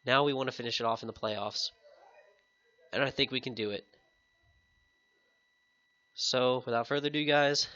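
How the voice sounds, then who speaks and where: A man's voice: mid-range voice, steady tone, a little fast, long pauses, fairly bright tone, muffled recording. A man with a sick-sounding voice giving casual, upbeat gameplay commentary to his viewers. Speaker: competitive game YouTuber. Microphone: headset.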